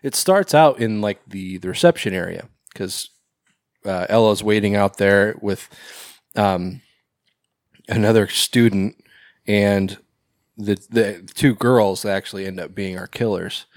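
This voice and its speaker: A man's voice: lowish voice, measured pace, no room sound, studio quality. A man co-hosting a film podcast, recapping a movie in loose, rambling chat full of fillers. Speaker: podcast co-host. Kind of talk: casual film review chat.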